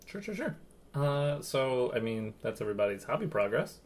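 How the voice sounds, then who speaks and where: Male guest, mid-pitched, wry one-liners in casual banter. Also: big pitch swings. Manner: wry, quick quips, laughs easily. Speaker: podcast guest. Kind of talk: casual chat.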